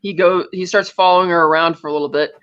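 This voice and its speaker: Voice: mid-range voice, fairly even intonation, fast talker, clear, resonant tone. A podcast co-host in casual chat, retelling a film's plot scene by scene and acting out the characters' lines. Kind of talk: casual film recap chat. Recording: dull lo-fi audio.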